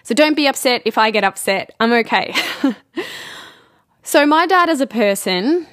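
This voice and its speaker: A woman in her thirties, a spiritual intuitive hosting a personal podcast, speaking gently and reflectively with many pauses and fillers. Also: a little high, lively intonation, no echo, clean studio sound.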